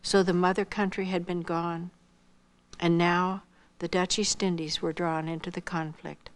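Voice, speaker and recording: An older woman with a somewhat low voice gives a personal missionary testimony. She speaks earnestly, voicing the people in her story, and falls to a near hush at its tender points. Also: level tone, a little slow. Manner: earnest, acts out remembered dialogue, drops to a hush at tender moments.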